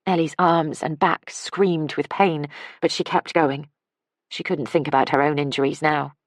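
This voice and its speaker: Her voice sits low as she narrates an audiobook from a script, calm and measured like a storyteller. It's studio-quality audio with no trace of the room.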